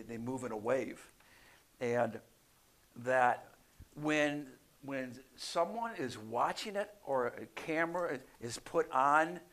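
A man leading an informal Bible study, emphatic and laughing easily, swinging from quiet talk to loud stress. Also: medium pitch.

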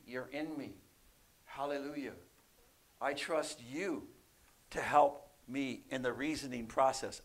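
Animated male preacher, high voice. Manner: animated, rising loud for emphasis then dropping soft; asks the congregation questions often. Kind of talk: sermon.

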